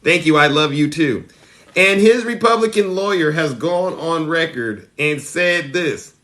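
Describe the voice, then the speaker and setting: Brief: male streamer, satirical monologue, mock-earnest, slightly high, bright tone. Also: unhurried. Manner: mock-earnest, animated, rising excitedly when retelling. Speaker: live stream host.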